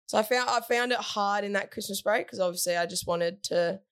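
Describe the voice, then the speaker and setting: A woman's voice: medium pitch, a little fast, clear, resonant tone. A woman, a team captain, chatting casually in an interview in an upbeat way, with plenty of "like" and "yeah" fillers.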